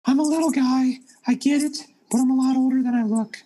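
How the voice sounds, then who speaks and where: A man plays a tiny self-important author who claims to be centuries old, in a tabletop role-play. The voice sits high and husky with a dark, mellow tone. He stammers and pushes his requests. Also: fairly even intonation, a little fast, low-quality recording. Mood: indignant. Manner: pretentious, pushy, stammering. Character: small pompous old author, gnome-like, pushy.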